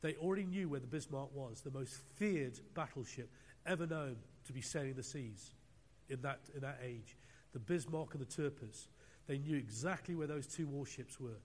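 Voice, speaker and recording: A British man preaching a sermon with emphatic, repeating phrases that swing between loud and quiet. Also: medium pitch, moderate pace. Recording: long hall reverb.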